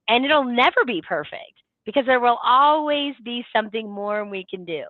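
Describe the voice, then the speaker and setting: A woman's voice: fairly high pitch, animated, normal speed, dry recording. A woman who organizes a festival, answering interview questions earnestly, with filler words and phrases that trail off. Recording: tinny dry phone line.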